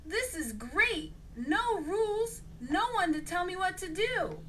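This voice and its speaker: A woman's voice: extremely high pitch, big pitch swings, slow pace, fairly bright tone, slight background noise, pitched above the performer's own voice, full character voice. A woman reading the part of a carefree woman secretly living in a closed mall, gleeful, in a storybook.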